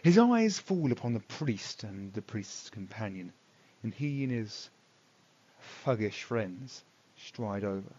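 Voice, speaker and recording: A man narrating a tabletop game as dungeon master, in a deliberate manner. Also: lowish voice, sing-song, darkish tone, slightly rough. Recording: dull lo-fi recording.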